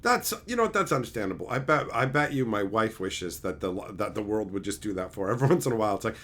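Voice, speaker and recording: This livestream host has a lowish voice and a quick pace as he reads chat and rants about holes in TV plots. He's animated, mocks the logic gaps and swears often.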